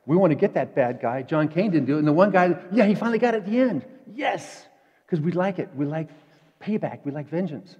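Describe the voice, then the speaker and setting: A man preaching a sermon in a conversational way, dropping to quiet asides and rising to emphatic peaks. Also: on the high side, expressive, fairly quick, husky. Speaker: pastor. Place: church sanctuary. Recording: dull echoey church hall.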